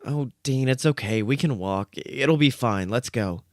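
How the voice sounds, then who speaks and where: A man voicing a big, anxious male dog, the younger brother, with high, strained barking yelps. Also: unhurried, dry recording, studio quality, lightly acted. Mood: urgent.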